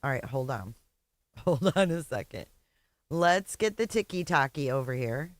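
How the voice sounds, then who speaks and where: A reaction host delivers profane, sarcastic asides in unhurried speech, the pitch swinging widely. The sound is dry and close. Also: lively intonation, no echo. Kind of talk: casual reaction commentary.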